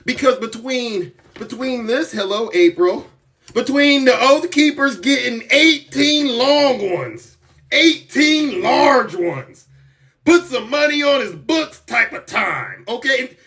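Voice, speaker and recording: Boastful, high-voiced male live streamer. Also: lively intonation, slow, far from the mic. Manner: boastful, theatrical, rising to shouts. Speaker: political commentary streamer. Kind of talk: live-stream political commentary.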